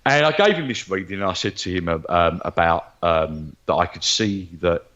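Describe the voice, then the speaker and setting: Animated man telling stories. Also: low voice, moderate pace, muffled recording. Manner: animated, acts out quoted voices. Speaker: guest psychic medium. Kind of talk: storytelling interview chat.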